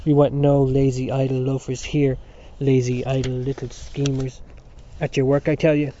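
A man doing a stern shouting school prefect priest. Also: medium pitch, little pitch movement, moderate pace, muffled recording, slight background noise, close to an everyday voice. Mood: scolding. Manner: barking, scornful harangues.

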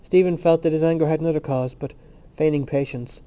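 A man reading literary fiction aloud in a measured, unhurried way, in a muffled recording. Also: fairly high pitch, fairly even intonation, warm tone. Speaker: audiobook reader. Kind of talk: scripted literary narration.

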